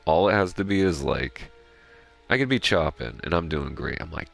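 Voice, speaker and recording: Rambling gamer guy with an extremely low, gravelly voice, swears a lot, casual stream talk. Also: expressive, moderate pace, fairly bright tone, soft background music. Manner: rambling, swears freely, self-reflective. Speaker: gaming streamer. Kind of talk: casual chat while playing.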